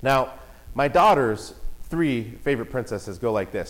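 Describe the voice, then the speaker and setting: A father telling a family story in a casual, animated way. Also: medium pitch, measured pace, rough recording. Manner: animated, acts out voices and shouts in quotes.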